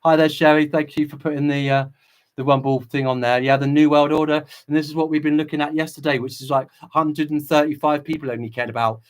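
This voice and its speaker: Impassioned preachy man, fairly high voice. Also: little pitch movement, fast. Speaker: channel host. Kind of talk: livestream commentary reading viewer chat.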